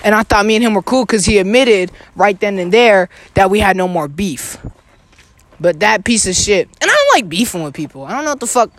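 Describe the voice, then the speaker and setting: Animated, profane young male podcaster. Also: high voice, fairly quick, no room sound. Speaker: podcast host. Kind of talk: casual chat.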